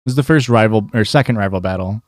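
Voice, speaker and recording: A man's voice: on the low side, fast, no room sound. Rambling Midwestern man streaming a game. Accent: Midwestern American. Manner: rambling, lots of fillers and restarts. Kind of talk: casual gameplay commentary.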